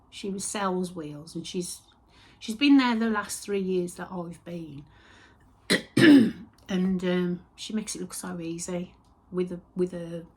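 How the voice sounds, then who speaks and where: A woman hosting a crafting podcast, chatting casually and rambling, with soft whispered asides. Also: on the low side, slightly rough. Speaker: host of a knitting and spinning podcast. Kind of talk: casual chat.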